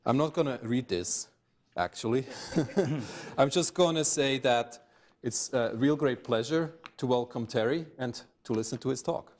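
A man's voice: medium pitch, measured pace, darkish tone. A man, the faculty director, casually introducing a guest speaker in a friendly, offhand way. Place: lecture room.

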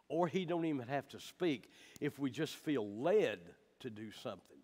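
A man's voice: mid-range voice, lively intonation, moderate pace, few pauses, a little mellow. A man teaching the Bible in a folksy, emphatic way, with personal stories.

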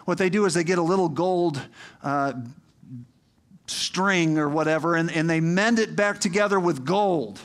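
A middle-aged male pastor delivers a sermon in a high, light voice. He talks to the congregation like a friend, with asides and questions, and builds up to emphatic, rousing appeals. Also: normal speed.

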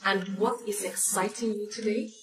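A woman's voice: mid-range voice, fairly even intonation, moderate pace, roomy sound, noisy background, lightly acted. An actress with a Nigerian accent playing a proud, money-minded young female student who talks bluntly and defensively. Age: young adult. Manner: blunt, defensive, hesitant restarts. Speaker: university student. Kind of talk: Nollywood film acting.

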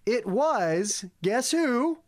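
High-voiced man retelling a movie. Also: extremely slow. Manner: animated storyteller who acts out characters' lines. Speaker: podcast host. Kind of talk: casual comedic movie review.

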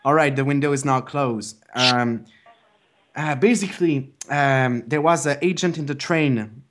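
A man's voice: medium pitch, measured pace. A young man making a prank call, complaining in an overly dramatic, stammering way. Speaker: prank caller.

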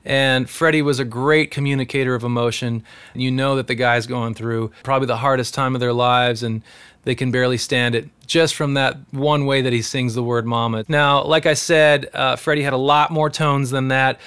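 A man's voice: mid-range voice, flat delivery, normal speed, a bit bright, smooth. A man teaching singing in a casual tutorial, explaining technique in an earnest, encouraging way. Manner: breaks into sung demonstrations between explanations. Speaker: singer teaching vocal technique.

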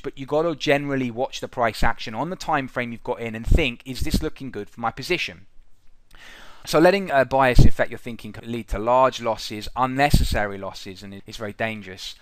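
A man's voice: mid-range voice, a bit bright, dry recording. A middle-aged man giving blunt, profane trading commentary over charts, exasperated and mocking. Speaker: trading educator.

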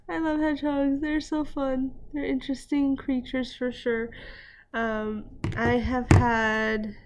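A slightly high-voiced woman talks at an unhurried pace as she reacts to clips from her home. She chats casually, often breaks into exclamations and laughter, and speaks to her dogs nearby. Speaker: reaction video host.

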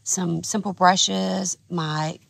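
Tired middle-aged lady rambling about her art stuff, low scratchy voice with lots of fry, outdoors by a lake with faint hiss. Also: steady tone, extremely slow. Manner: rambling, thinking out loud. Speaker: artist vlogger. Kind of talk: casual vlog chat. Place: outdoors at a lakeside campground.

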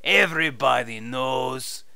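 A man's voice: medium pitch, takes it slowly, vocal fry, sharp tone, full character voice. An actor playing a boastful male wasteland ranger who talks about himself in the third person, with a fake Spanish accent.

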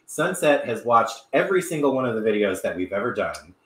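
A man's voice: mid-range voice, big pitch swings, brisk, roomy sound. A middle-aged man hosting a live cooking stream from his home kitchen, upbeat and chatty, reading viewer comments aloud. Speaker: cooking show host.

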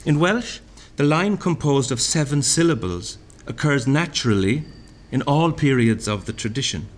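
A man reading a lecture aloud at a literary festival. He speaks deliberately, sounding out vowels and repeating lines he recites. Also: medium pitch, animated. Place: hotel function room.

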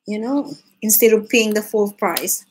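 A woman's voice: medium pitch, measured pace, a little hiss or hum, poor audio. A woman hosting a live drawing stream, chatting casually with viewers, laughing often and restarting her sentences.

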